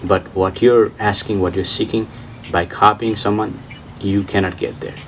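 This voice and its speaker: A man giving an informal spiritual talk and answering questions, repeating his points insistently in slightly broken English and laughing softly. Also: fairly low pitch, fairly even intonation, moderate pace, distant mic, slight background noise, rough recording. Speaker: spiritual teacher.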